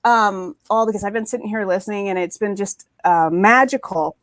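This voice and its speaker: A woman's voice: mid-range voice, moderate pace, no room sound. A woman on a panel, talking with emphasis and repeating words for stress, heard over a video call. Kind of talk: animated panel discussion.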